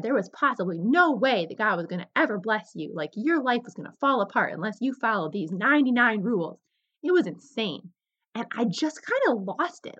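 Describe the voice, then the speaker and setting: A young adult woman hosting a podcast, telling a personal story in an animated, candid way. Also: on the high side. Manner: animated, candid, slips into quoted voices. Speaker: podcast host. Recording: slightly dull lo-fi recording.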